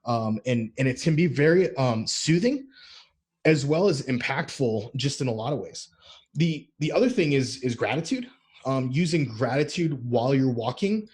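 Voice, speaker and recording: Husky guy hyping people up on a podcast, preachy, gets fired up. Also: medium pitch, moderate pace. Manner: energetic, preachy, builds up intensity. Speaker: podcast co-host. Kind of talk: motivational podcast talk.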